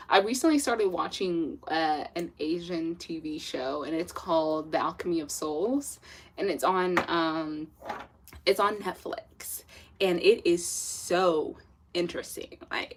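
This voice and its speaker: A young woman from southern Africa hosting a casual live stream, chatty and laughing often, reading out viewers' messages. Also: lowish voice. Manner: chatty, laughs often, sprinkles in French phrases. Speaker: livestream host reading chat.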